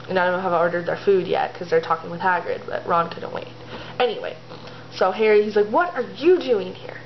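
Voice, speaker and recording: A woman's voice: fairly low pitch, fairly even intonation, a little fast, a little hiss or hum. A woman vlogger casually retelling a story, rambling and chatty, full of fillers. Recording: slightly dull lo-fi home video audio.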